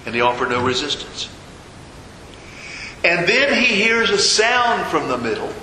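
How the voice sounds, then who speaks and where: A man preaching a sermon as a pastor, telling a story with dramatic pauses and repetition. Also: on the high side, sing-song, pushed and bright. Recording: echoey hall with long reverb, faint noise.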